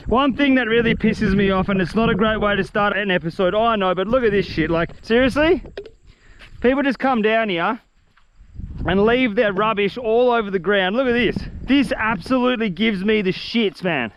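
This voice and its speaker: Australian guy, young, fired-up fishing vlogger, high voice, faint outdoor noise. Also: moderate pace, dull audio. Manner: excitable, slangy, swears freely. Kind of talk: outdoor vlog talking to camera. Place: outdoors in the bush by a river.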